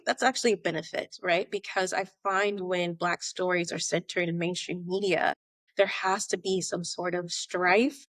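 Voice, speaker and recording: An American woman telling her story as a podcast guest, animated and conversational, acting out remembered dialogue. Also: lowish voice, no room sound, studio quality. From United States. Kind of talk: conversational interview.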